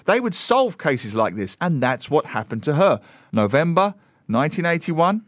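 A middle-aged man co-hosting a radio talk show, telling a story in an animated, emphatic way. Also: a little high, moderate pace, dry recording. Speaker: radio co-host. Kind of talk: casual chat, storytelling.

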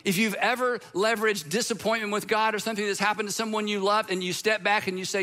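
A male pastor delivers a sermon in a high, bright, ringing voice. He is earnest and emphatic, circling back on key phrases. At moments of weight he slows almost to a stop. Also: steady tone.

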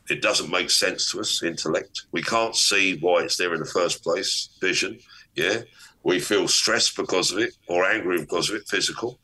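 Middle-aged man, business coach guest, low husky voice, forceful, animated and long-winded. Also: rough recording. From Ireland. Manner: animated, explanatory, long-winded, acts out tones of voice. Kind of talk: podcast interview talk.

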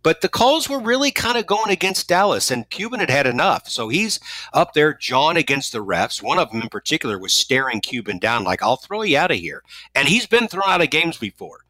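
Bright, dry-voiced man hosting talk radio. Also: a little high, very animated, brisk, no room sound, poor audio. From St. Louis, USA. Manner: rambling, with frequent restarts and asides. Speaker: radio talk show host.

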